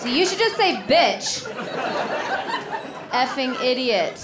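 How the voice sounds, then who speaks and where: Sardonic high-voiced woman doing stand-up. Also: sing-song. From Illinois, USA. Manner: sardonic, rapid punchlines. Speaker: stand-up comedian. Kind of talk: stand-up comedy set. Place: comedy club stage with live audience. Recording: live club recording with crowd laughter and noise.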